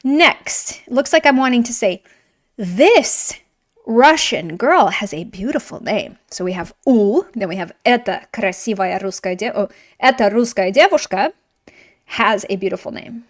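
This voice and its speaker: A woman teaching a grammar lesson in a lively, chatty way, with playful asides and frequent teacherly check-ins. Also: medium pitch, unhurried. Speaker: Russian language teacher.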